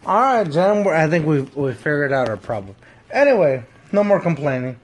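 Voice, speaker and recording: Excitable man telling a story. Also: fairly high pitch, moderate pace. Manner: excitable storytelling with frequent restarts and laughs. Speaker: podcast co-host. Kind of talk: casual chat.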